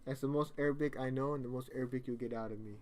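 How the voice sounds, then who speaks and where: Man, live-stream chatter, rambling, jokey, self-correcting, mid-pitched voice. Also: steady tone, racing, a little mellow. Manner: rambling, joking, corrects himself mid-sentence. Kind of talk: casual live-stream chat.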